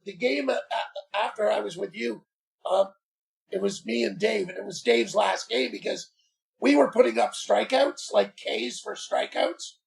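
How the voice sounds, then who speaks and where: A man, a podcast guest, telling a story in casual chat, animated and exasperated, acting out the dialogue. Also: sits high, unhurried, gravelly.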